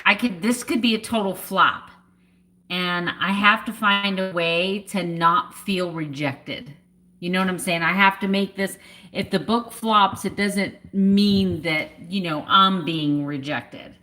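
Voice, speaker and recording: A woman in her fifties chatting casually on a livestream, emotional and close to tears, talking haltingly with many fillers and trailing thoughts. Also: medium pitch, bright, forceful tone. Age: 50s. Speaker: vlogger.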